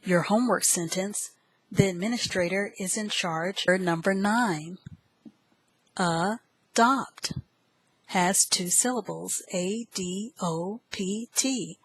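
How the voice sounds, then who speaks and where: Slow, deliberate woman teaching English words. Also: medium pitch, husky, dry recording, low-quality recording. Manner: spells words letter by letter and repeats them slowly. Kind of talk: slow, deliberate vocabulary lesson.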